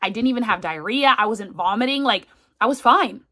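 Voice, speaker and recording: A woman's voice: a little high, animated, fairly quick, pushed and bright. A woman in her thirties telling a rambling travel story to her viewers, quoting herself and others as she goes, while sick and feverish. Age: 30s. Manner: chatty, retelling with quoted asides. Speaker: travel vlogger. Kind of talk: casual story time.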